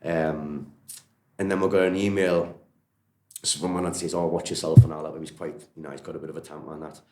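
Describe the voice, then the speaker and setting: Fast-talking low-voiced Geordie man. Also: flat delivery, warm tone, reverberant, a little hiss or hum. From Newcastle, England. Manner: rambling, friendly, lots of "you know" and "like". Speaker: martial arts coach, guest. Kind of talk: casual storytelling interview.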